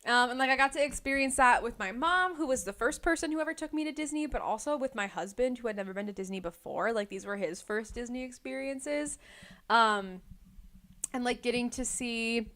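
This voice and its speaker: A chatty young woman co-hosting a casual podcast. Her voice sits a little high, and her talk runs loose and rambling, full of likes and ums. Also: fairly quick, fairly bright tone. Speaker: podcast co-host. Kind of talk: casual chat.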